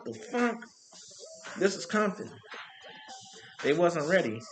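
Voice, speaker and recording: A man who works as a street performer, telling animated stories from a parade in a casual monologue, with vocal sound effects. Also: on the high side. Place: Compton.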